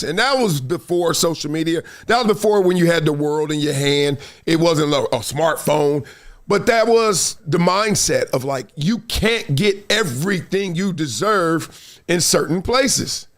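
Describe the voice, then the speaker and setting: Man, middle-aged, sports talk host, high voice, emphatic, storytelling, live stream. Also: expressive, moderate pace.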